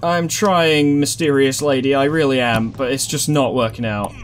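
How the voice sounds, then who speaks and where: Swearing gamer, frustrated. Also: male voice, medium pitch, fairly even intonation, moderate pace, a little hiss or hum. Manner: frustrated, swears a lot, talks to himself. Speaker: gaming YouTuber. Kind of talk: let's-play commentary. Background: game music.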